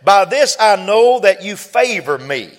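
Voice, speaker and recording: High-voiced fervent preacher man. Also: very animated, unhurried. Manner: builds from quiet to shouted, quotes scripture with fervor. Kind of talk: sermon.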